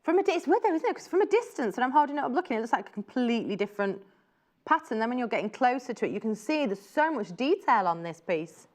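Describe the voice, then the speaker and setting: A woman's voice: a little high, big pitch swings, fast talker. A woman presenting fabrics on a live shopping channel, chatty and gushing as she exclaims over each print. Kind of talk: live TV selling chat.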